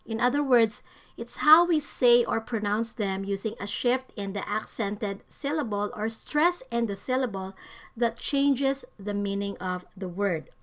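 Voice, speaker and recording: Higher-voiced woman teaching English vocabulary. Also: fairly bright tone. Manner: careful, deliberate, stresses example words. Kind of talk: scripted vocabulary lesson narration.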